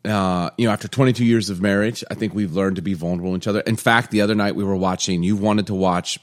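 A man's voice: low-pitched, steady tone, fast talker. A man in his forties co-hosting a casual chat show with his wife, telling stories in a joking, self-deprecating way. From United States. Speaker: podcast co-host.

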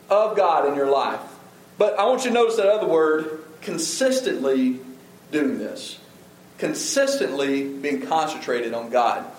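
A man's voice: high-pitched, echoey room, poor audio. A middle-aged male pastor preaching a sermon in an earnest, conversational way, often restarting his sentences.

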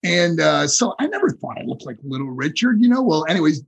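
A man from New York, a former pro wrestler, telling animated stories as a guest in a casual interview, with many fillers. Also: a little high, fairly quick, gravelly, breathy edge, poor audio.

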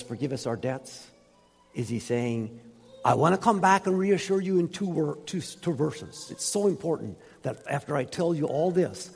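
A man preaching a sermon as pastor, emphatic, swinging from loud highs to soft lows. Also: creaky. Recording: reverberant hall.

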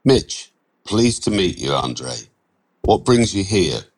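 A man's voice: deep voice, sing-song, slow, breathy edge, heavily acted. A man voices a chatty British man with an easy, persuasive charm. He talks breezily and sounds friendly on the surface.

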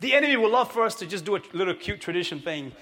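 A man preaching a sermon to a congregation, energetic and often shouting. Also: sits high, very fast. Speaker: pastor. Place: church hall with congregation.

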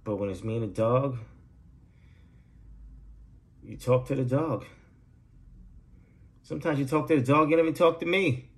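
Recorded at home, a man hosts his own podcast with a loose, profane, rambling solo monologue, laughing at his own jokes. His voice is medium-pitched at normal speed, broken by long pauses.

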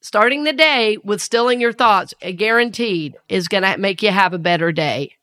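A woman's voice: mid-range voice, normal speed, sharp tone. A woman with a Southern US accent hosting a spiritual podcast, talking earnestly and laughing often. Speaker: podcast host and spiritual teacher.

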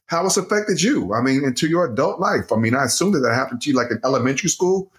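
A middle-aged man hosting a casual conversation, animated and quick to laugh. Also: medium pitch.

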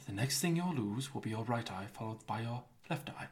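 Hero swordsman, young, quietly menacing; a man reenacting him. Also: lively intonation, lightly acted. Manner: low, hushed, slow menace. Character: grim young male swordsman, cold and menacing.

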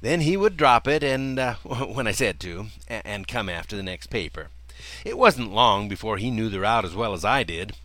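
A man's voice: normal speed, no echo. An older man telling a personal childhood story in a folksy way, chuckling often as he talks. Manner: folksy, chuckling often, lively swings in pitch.

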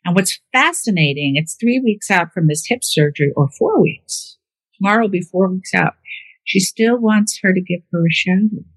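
A woman's voice: medium pitch, animated, moderate pace, husky, dry recording. A woman caring for her mother, talking in a casual, chatty way and acting out the voices in her stories. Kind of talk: casual conversation.

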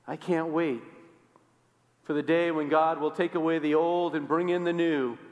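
A male pastor delivers a sermon, pushing some lines up loud and dropping others to a near hush. His voice sits a bit higher than most men's. The long reverb of a church hall trails after each phrase. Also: moderate pace, lo-fi sound. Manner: expressive, swings from loud to hushed, acts out quoted voices. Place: church sanctuary.

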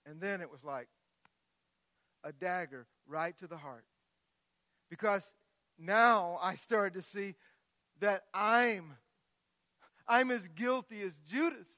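A middle-aged man preaching a sermon as a pastor, moving from quiet scripture reading into loud, impassioned outbursts. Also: sits high, slow pace, long pauses, no echo.

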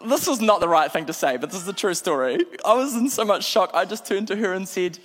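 Humorous New Zealand preacher in a hall. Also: male voice, high voice, quick pace, few pauses. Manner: lively humorous storyteller, self-deprecating. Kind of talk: storytelling sermon. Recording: long hall reverb.

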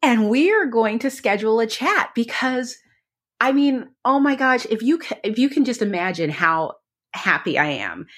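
A woman's voice: a little high, sing-song, normal speed. A woman co-hosting a podcast in casual chat, talking eagerly and rambling with lots of fillers. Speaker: podcast co-host.

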